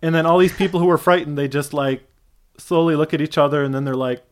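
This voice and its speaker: A man's voice: on the high side, steady tone, quick pace, heavy background noise. A man telling a long personal story in casual chat, rambling with lots of fillers and acting out quoted voices.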